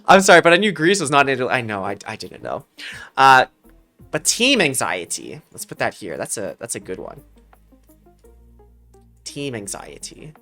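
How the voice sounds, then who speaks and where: A man in his thirties from Hawaii chats with his stream audience as their host, animated and self-mocking, tossing in plenty of slang. His voice is bright and forward, at a middle pitch. Soft music plays faintly behind him. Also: moderate pace, long pauses. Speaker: esports performance coach and stream host. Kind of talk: casual livestream chat answering viewer questions.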